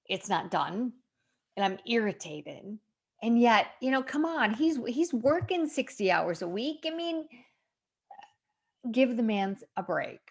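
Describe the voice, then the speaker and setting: Slow-talking reflective woman. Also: mid-range voice. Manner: reflective, candid, laughs at herself. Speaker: faith vlogger. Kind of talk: casual devotional vlog. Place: home room under remodel.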